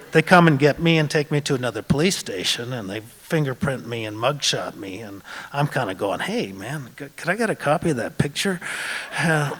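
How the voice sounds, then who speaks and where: A man in his sixties telling a story to a live audience in a loose, conversational way, stumbling through "uh" and repeated words. His medium-pitched voice carries a long, lingering hall reverb. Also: a bit bright. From Montana, US.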